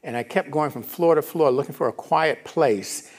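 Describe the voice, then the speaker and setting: A man's voice: a little high, normal speed. A middle-aged male minister giving a conversational sermon in a church, often asking the congregation if they follow. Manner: casual, animated, asks the congregation if they follow. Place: church sanctuary.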